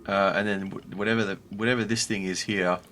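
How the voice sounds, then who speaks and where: A man playing a tabletop game, describing his character's actions and sometimes bellowing loudly in character. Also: lowish voice, steady tone, brisk, slight background noise. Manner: bursts into loud bellowing when in character. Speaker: player.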